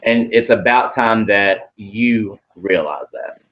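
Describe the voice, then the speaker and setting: A man's voice: fairly low pitch, takes it slowly, muffled recording. A man channeling messages in a casual, hesitant way, with many ums and some casual swearing.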